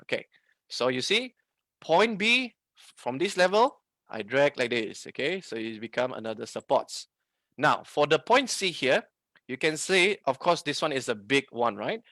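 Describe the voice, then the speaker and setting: In a sing-song, unhurried, mid-range voice that sounds pushed and bright, a man teaches trading live online. He has a Malaysian English accent, code-switches into Malay, and frequently checks in with his audience through questions; the recording is dry.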